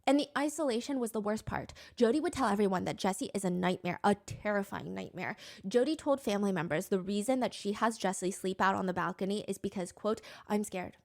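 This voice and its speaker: Woman storyteller, mid-pitched, earnest and measured true crime narration. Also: vocal fry.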